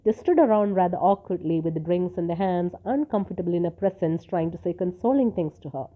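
Woman narrator, low voice, measured story reading, tinny phone-like sound. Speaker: story reader.

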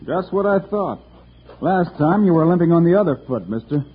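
An actor playing a steady US marshal hero in a 1950s radio western, calm, firm and authoritative. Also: male voice, fairly high pitch, moderate pace, slightly rough. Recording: old muffled radio broadcast with loud hiss.

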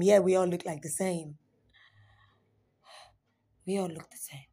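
A young woman performing spoken word poetry, dramatic, swinging between raised pleading lines and hushed whispers. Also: lowish voice, steady tone, a little slow, creaky, pauses often, breathy edge.

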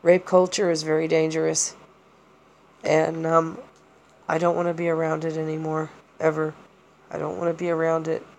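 A woman's voice: low-pitched, completely flat delivery, moderate pace, creaky, long pauses, a little mellow, a little hiss or hum. A woman hosting a podcast, talking through personal experiences in a rambling, hesitant way with many fillers and restarts. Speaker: podcast host. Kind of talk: personal monologue.

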